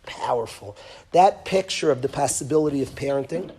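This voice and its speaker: A male rabbi giving an impassioned lecture to parents, repeating phrases and swinging between loud emphasis and soft, hushed lines. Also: a little high, expressive, moderate pace, slight background noise.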